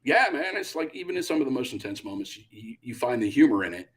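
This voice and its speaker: A man's voice: medium pitch, quick pace. A middle-aged man, a retired Army pilot, telling stories in a casual interview and acting out the quotes. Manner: animated, acts out quotes with bursts of loudness.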